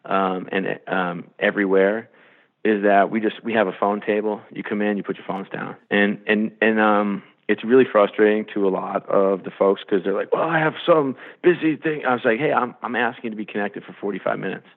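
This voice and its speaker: A man, a sports executive, telling animated stories in a podcast interview and acting out the quotes. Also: on the low side, a little fast. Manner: animated storyteller, acts out quotes. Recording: phone-line quality.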